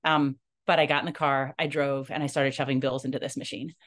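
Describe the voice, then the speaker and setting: A woman who runs a non-profit, telling a personal story in an earnest, halting way and acting out the dialogue she quotes. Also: very deep voice, little pitch movement. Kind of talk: personal story told to camera.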